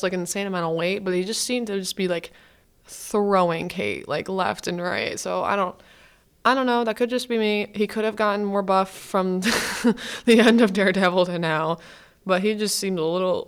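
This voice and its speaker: Woman podcast host, student, casual fan chatter, smooth and clean tone. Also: lowish voice. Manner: chatty, gushing, heavy use of "like".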